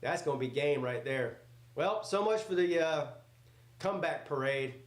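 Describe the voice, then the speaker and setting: A man's voice: on the high side, expressive, moderate pace, roomy sound. A man hosting a live football reaction stream. He jokes, swears freely and answers his chat. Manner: loud, joking, swears freely, talks back to chat. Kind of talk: casual live reaction commentary.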